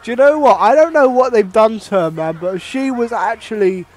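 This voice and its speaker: A young man giving casual, excitable, swearing play-by-play commentary over a wrestling video game. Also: very high voice, normal speed. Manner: excitable and profane, with sudden outbursts. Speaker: gaming channel host.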